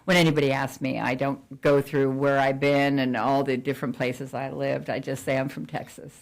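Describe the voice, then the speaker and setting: Middle-aged woman, real estate agent, low voice, chatty interview talk, fillers and restarts. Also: little pitch movement, moderate pace, gravelly. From New Jersey. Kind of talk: casual interview chat.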